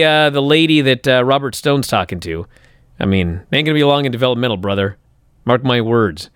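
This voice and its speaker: A man's voice: medium pitch, fairly bright tone, clear, resonant tone, no room sound, studio quality. A man co-hosting a casual wrestling talk show, bantering sarcastically. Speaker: podcast co-host.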